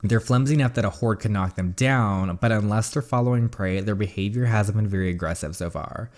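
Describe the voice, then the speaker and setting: A careful, calm teenage boy leading his friends through danger in a story game, read by a man in his own low voice. He gives plain, instructive warnings without much put-on character. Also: a little fast, close to an everyday voice. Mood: cautious. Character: calm teenage boy group leader, cautious.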